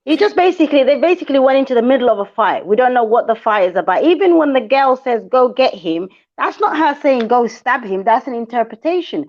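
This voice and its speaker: A woman's voice: sits high, expressive. Skeptical woman, slightly dull audio. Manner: measured, questioning, skeptical. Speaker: live stream co-host. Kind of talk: reactive live chat.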